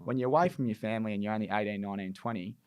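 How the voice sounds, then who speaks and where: A man's voice: on the low side, racing, darkish tone, clear, resonant tone, no room sound, clean studio sound. A young man on a podcast, telling stories in a laid-back way with plenty of fillers. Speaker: podcast guest, former footballer. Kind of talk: casual chat.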